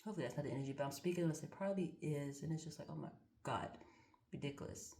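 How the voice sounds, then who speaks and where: A woman with a low voice talks through a card reading, musing aloud and speaking bluntly with frequent swearing. The room around her is echoey, so her voice rings a little. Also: very fast, warm tone. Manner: musing, candid, swears freely, thinks aloud. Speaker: card reader. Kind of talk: casual spiritual card-reading monologue.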